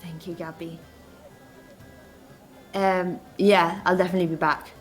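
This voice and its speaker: A woman's voice: lowish voice, flat delivery, measured pace, soft background music. A woman playing in a tabletop game, playful and enthusiastic, laughing often. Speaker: player. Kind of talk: casual tabletop play.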